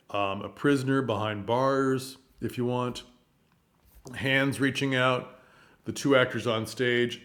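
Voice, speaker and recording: Guy chatting about theater to camera, easygoing, little laughs here and there. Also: mid-range voice. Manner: chatty, chuckles between points. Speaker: theater commentator. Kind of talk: casual talk to camera.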